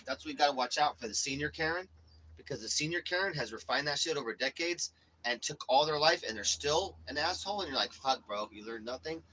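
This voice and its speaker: Over a rough recording with a little hiss or hum, a young man's slightly high, bright and forceful voice rushes along expressively. Hosting a live stream, he rants bluntly to the chat with swagger, nonstop swearing and plenty of "bro."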